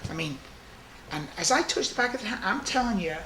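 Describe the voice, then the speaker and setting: A middle-aged man, a prison guard, telling stories in a documentary interview, animated and full of fillers. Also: high-pitched, a little fast, very noisy. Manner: animated storyteller, fillers like 'like'.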